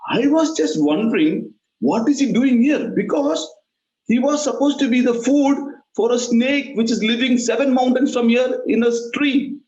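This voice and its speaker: A man's voice: very high-pitched, moderate pace, a little mellow, echoey room, dull audio, pitched above the performer's own voice. A man voicing the male god of death in a retold legend, questioning sharply.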